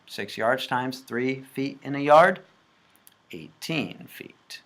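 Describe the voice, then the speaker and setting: A man's voice: on the high side, sharp tone. A man walking through math homework problems step by step, joking as he goes. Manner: jokey, talks through math steps aloud. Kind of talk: playful homework walkthrough.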